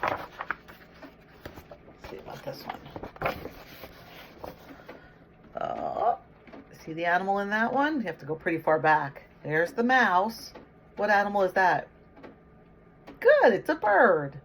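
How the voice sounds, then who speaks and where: A woman's voice: mid-range voice, slow, pauses often, background noise. Woman reading a picture book to children. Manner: lively, coaxing, asks children questions and praises answers. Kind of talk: read-aloud storytime with questions.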